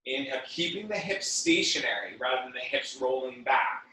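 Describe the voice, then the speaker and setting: A man leading a guided workout class, giving calm breath cues with chatty, joking asides. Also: medium pitch, normal speed. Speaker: fitness and yoga instructor. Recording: very echoey room, mic at a distance.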